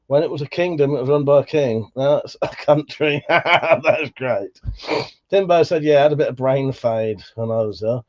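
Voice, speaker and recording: A man with a Buckinghamshire accent hosting a livestream, reading out chat in a relaxed, sweary way, laughing often, his voice slightly worn. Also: a little high, lo-fi sound. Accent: Buckinghamshire English. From England. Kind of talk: casual chat.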